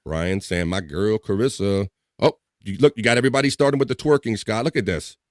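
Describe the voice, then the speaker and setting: A man's voice: fairly low pitch, brisk, dry recording, clean studio sound. A man hosting a casual livestream, joking loosely and reading viewer comments aloud. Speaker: livestream host. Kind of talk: casual live chat.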